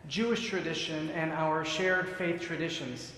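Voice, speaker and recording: A rabbi delivers a sermon in a conversational, storytelling manner, with a slightly high voice. His words ring out with the long reverb of a large sanctuary. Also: steady tone, measured pace, a bit bright, slight background noise. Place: synagogue sanctuary.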